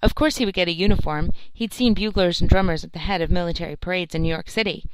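A woman reads a story aloud in a calm, even manner. Her voice is low-set, smooth and resonant, recorded dry and close. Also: fast, dry recording, low-quality recording. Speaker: audiobook narrator. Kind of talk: scripted narration.

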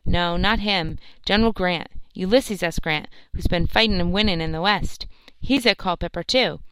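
A big soldier puffing on a pipe, boastful and knowing as he shares gossip, put on by a woman narrator. Smooth, dry, close voice. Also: fairly low pitch, moderate pace, dry recording, natural voice, rough recording.

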